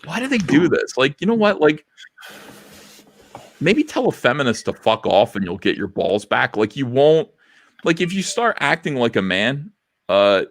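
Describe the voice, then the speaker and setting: A man's voice: medium pitch, dry recording. A man hosting a casual livestream, reading posts aloud with sarcastic commentary that swings between muttering and outbursts. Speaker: livestream host.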